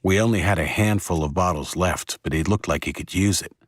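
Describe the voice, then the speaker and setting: Deep husky male audiobook narrator. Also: fairly quick, dry recording, clean studio sound. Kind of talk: first-person audiobook narration.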